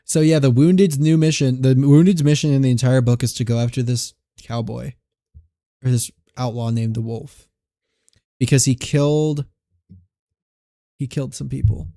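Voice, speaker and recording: A man's voice: mid-range voice, fairly even intonation, normal speed, long pauses, mellow, dry recording, clean studio sound. A man on a live stream reading his own unfinished western novel aloud, often stumbling and restarting words. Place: home streaming setup.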